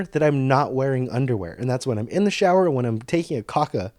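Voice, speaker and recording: A young man rants on his own podcast in a loose, profane ramble, his voice sitting at an ordinary middle pitch. He gets worked up easily and laughs at his own jokes. The sound is dry and close, with no room echo. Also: lively intonation, fast talker, hardly any pauses, a little mellow. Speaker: podcast host. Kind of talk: casual solo podcast rant.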